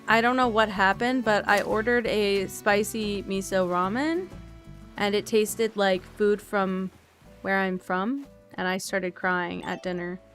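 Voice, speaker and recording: A tired woman streamer chatting casually and softly while she plays a game, rambling and thinking aloud as she goes. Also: medium pitch, a little slow, soft background music. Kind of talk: relaxed casual chat while playing a game.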